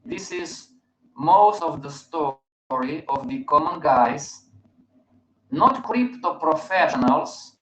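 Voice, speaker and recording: A man's voice: fairly high pitch, fairly bright tone, a little hiss or hum. A man hosting a live webinar, speaking emphatically and often checking in with his listeners. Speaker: host, market educator. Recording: roomy, dull stream audio.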